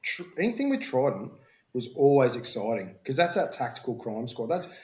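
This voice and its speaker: A man's voice: medium pitch, big pitch swings, a little fast, darkish tone. A man, a police officer guest on a podcast, talking eagerly in a casual chat and stumbling over his words. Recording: echoey room.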